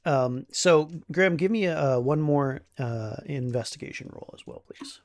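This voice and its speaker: A man's voice: on the high side, a little slow. A man narrating as game master for a tabletop game, easygoing with frequent ums and uhs. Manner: relaxed, many ums and uhs, laughs easily.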